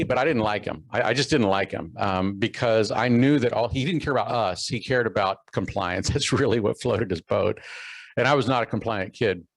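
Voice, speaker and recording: A man's voice: lowish voice, gravelly, dry recording, rough recording. A middle-aged man from Texas giving a keynote talk, telling a personal story with many fillers and restarts. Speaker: keynote speaker.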